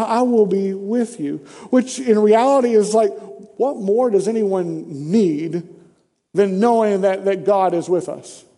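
A man preaching a sermon in a conversational way, full of rhetorical questions and lively paraphrase. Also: high voice. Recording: long hall reverb.

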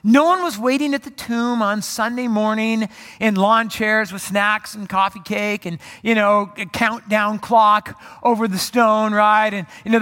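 A male pastor preaching a sermon, telling the story in a lively way with joking asides. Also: high voice. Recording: long reverb of a large hall.

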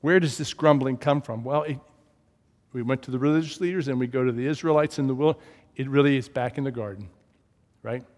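A man preaching a sermon as pastor, telling stories and swinging from loud emphasis to hushed, low tones. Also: a little fast, in a large hall.

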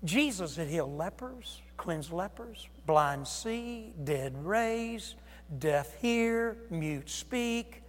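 Animated high-voiced preacher in a reverberant hall. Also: male voice, drawn-out words. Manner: animated, acts out voices of Jesus and disciples, swings loud and soft. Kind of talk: sermon.

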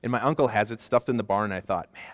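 A man's voice: fairly low pitch, rapid-fire, long reverb tail. A man in his forties preaching a conversational sermon with self-deprecating asides. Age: 40s. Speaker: pastor.

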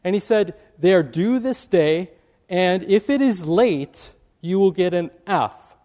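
A male preacher tells a story from the pulpit, animated and quick to act out the people in it. His voice sits high for a man. A long hall reverb trails every phrase. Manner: animated, acts out quoted voices. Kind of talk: sermon storytelling.

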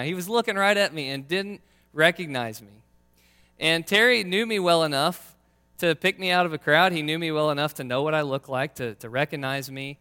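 Male pastor, slightly high, crisp delivery; relaxed storytelling sermon with long hall reverb. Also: a little fast. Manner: casual, conversational storytelling.

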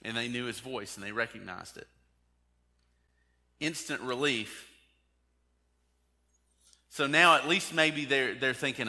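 Bright-voiced preacher in a reverberant hall. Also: male voice, medium pitch, unhurried, long pauses. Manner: conversational, asks the congregation direct questions. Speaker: pastor. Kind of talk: sermon.

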